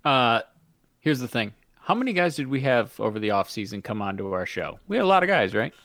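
A man's voice: medium pitch, sing-song, fairly quick, fairly bright tone, no echo. Emphatic man co-hosting, dry close mic. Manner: emphatic, enthusiastic praise with rising emphasis. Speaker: podcast co-host. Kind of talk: casual fantasy football podcast chat. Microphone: close studio mic at a desk.

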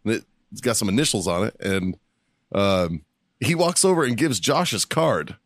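A man's voice: on the low side, animated, normal speed, no room sound, clean studio sound. A man hosting a podcast, telling stories in casual chat, laughing often and swearing constantly. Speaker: podcast host.

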